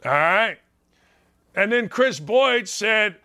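A man's voice: high-pitched, animated, measured pace, bright, forceful tone. A middle-aged man hosting a sports talk show, brash and mocking, hammering his punchlines again and again.

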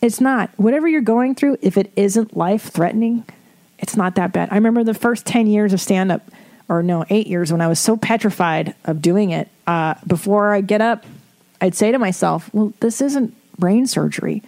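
Middle-aged woman doing an advice podcast, swears a lot, laughs, kinda rambly, warm relaxed tone. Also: medium pitch, moderate pace. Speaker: podcast host giving advice. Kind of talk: casual advice monologue.

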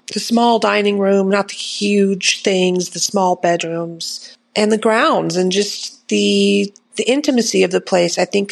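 A woman's voice: medium pitch, vocal fry. A woman sharing a travel recommendation in a reflective, thinking-aloud way. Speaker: listener guest.

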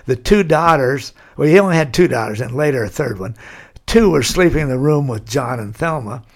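A man's voice: mid-range voice, animated, a little fast. An older man telling long, rambling stories as an interview guest, peppered with "kinda" and "you know". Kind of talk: storytelling.

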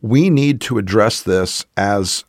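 A man from the American South co-hosting a political discussion, measured and earnest, with many "you know" fillers. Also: on the low side, no room sound, studio quality. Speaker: podcast co-host.

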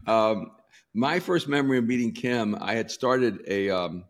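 A man in his sixties from El Salvador, a pastor telling stories in an interview, laughing often and pausing with ums. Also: fairly low pitch, animated. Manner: warm storyteller, laughs often, many ums and restarts. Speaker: pastor and author. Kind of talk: storytelling in a sit-down interview.

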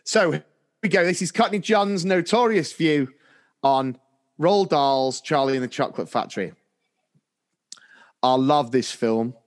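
A man's voice: on the high side, normal speed. A man co-hosting a casual teachers' podcast, telling stories and laughing often. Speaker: podcast co-host, primary school teacher. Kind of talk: casual chat.

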